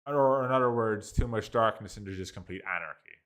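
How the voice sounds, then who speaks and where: A man's voice: lowish voice, brisk, fairly bright tone. A man hosting a casual review, rambling with many restarts and filler words and sounding amused. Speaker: host reviewing an AI story app. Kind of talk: casual commentary.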